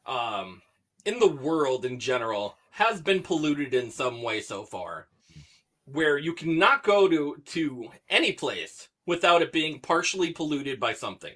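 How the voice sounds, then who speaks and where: A man with a slightly high, bright voice and a lively, bouncing delivery, hosting a casual podcast. He rambles and stretches his words as he brings up a news story. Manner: rambling, drawn-out, with fillers. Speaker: podcast host.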